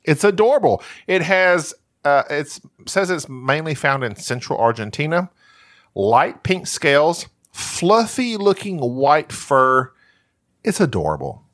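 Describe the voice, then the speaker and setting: A man's voice: on the high side, very animated, a little slow, fairly bright tone, dry recording, clean studio sound. A man from Texas with a Southern accent, playfully reading out trivia and joking as a podcast co-host. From Texas, USA. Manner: playful, laughing, reads trivia aloud. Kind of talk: casual chat.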